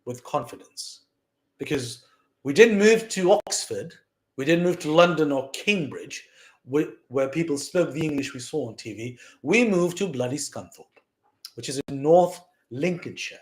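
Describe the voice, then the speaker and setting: A young man from South Asia tells a personal story in a lively, animated monologue, acting out the voices of the people he quotes. His voice sits somewhat high for a man, and his talk is loose, with plenty of fillers. The recording carries a noticeable room echo. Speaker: vlogger recounting lessons from his mother.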